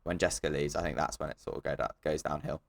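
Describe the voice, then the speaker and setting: A man co-hosting a comedy podcast, rambling and hedging as his voice trails off quieter. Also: very deep voice, steady tone, fast, gravelly. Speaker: podcast co-host. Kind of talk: casual comedic chat.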